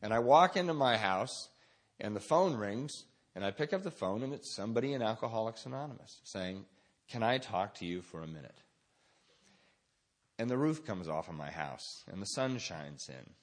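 A man speaking at a recovery meeting, giving a reflective personal testimony and questioning himself. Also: lowish voice.

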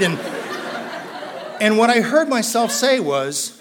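A man, a trial lawyer, telling his recovery story to a live audience in an animated, self-mocking way. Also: slow pace, pauses often, slight background noise. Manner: animated, self-mocking storytelling that climbs loud and high when excited. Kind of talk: personal story told to an audience. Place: talk before a live audience.

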